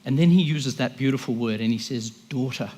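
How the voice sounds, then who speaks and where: A man's voice: mid-range voice, quick pace, mellow. A man giving an impassioned, emphatic sermon as a guest speaker, often voicing the people he quotes.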